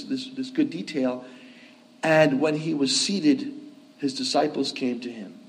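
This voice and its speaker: A man's voice: on the high side, low-quality recording. A man giving a conversational sermon, often asking his listeners "okay?" and "right?" to check that they follow him. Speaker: priest.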